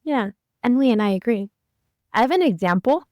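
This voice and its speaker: A woman in her thirties, a therapist co-hosting a podcast, telling a parenting story in an animated way and acting out the lines she quotes. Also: on the high side, normal speed, dry recording. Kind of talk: conversational podcast discussion.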